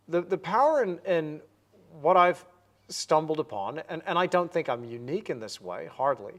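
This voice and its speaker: A man in his forties hosting a livestream, painting while chatting upbeat and answering viewer comments. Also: on the high side.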